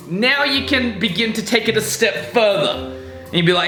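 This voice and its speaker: A young man vlogging casually from his apartment, animated and acting out his inner voices in a chatty monologue. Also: normal speed, reverberant, soft background music. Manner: animated, acts out inner voices with big pitch swings.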